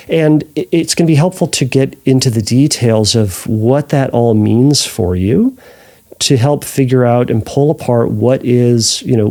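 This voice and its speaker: Male therapist host, gravelly mellow voice, measured advice, restarts often. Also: medium pitch. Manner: thoughtful, with frequent restarts and self-corrections. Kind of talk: answering a listener's question.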